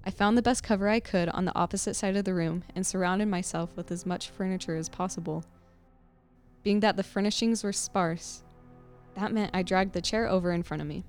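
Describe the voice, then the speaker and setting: A woman podcast host reading a creepy story aloud with expressive, suspenseful storytelling. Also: mid-range voice, brisk, faint music behind.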